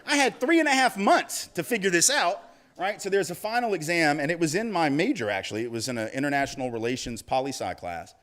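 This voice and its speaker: A man giving a storytelling speech, lively and acting out the voices of people in his anecdotes. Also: on the high side, fast talker. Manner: animated, acts out quoted voices. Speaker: public speaker.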